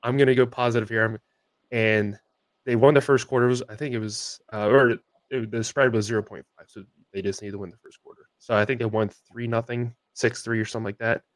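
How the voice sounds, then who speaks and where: A man's voice: medium pitch, steady tone, brisk, dry recording. A young man co-hosting a sports podcast, telling a long story in a casual, rambling way with many fillers and restarts. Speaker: podcast co-host.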